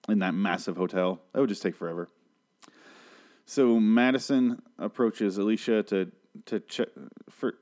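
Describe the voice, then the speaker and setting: Young man, casual TV episode recap, rambling, sarcastic, swears freely, lowish voice. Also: darkish tone, clear, resonant tone.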